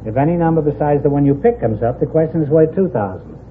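A man's voice: a little high, animated, fast talker. A man hosting a 1950s radio quiz show, wisecracking and teasing the contestants. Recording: tinny old radio broadcast with hiss.

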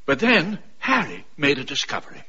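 A man playing a pompous, hapless Victorian gentleman who narrates with melodrama, in a radio comedy. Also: on the high side, wildly swooping pitch, moderate pace, slightly rough, dull audio, exaggerated voice. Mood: melodramatic. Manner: theatrical, melodramatic.

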